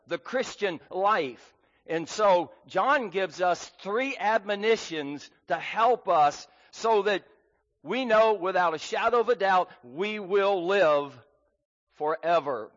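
High-voiced preacher in an echoing hall. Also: male voice, a bit bright. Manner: earnest, emphatic preaching with fillers. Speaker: pastor. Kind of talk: sermon. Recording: dull sound with long hall reverb.

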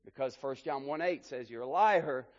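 A man preaching a sermon as pastor, rising and falling sharply in loudness for emphasis. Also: mid-range voice, moderate pace, long reverb tail, muffled recording. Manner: preaching with emphatic rises and drops in volume. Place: church hall.

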